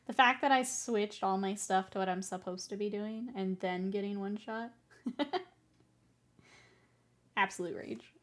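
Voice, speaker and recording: A woman streamer chatting casually with viewers while she paints miniatures. She is playful and rambling, pokes fun at herself, and often breaks into giggles between remarks. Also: medium pitch. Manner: playful, rambling and self-mocking.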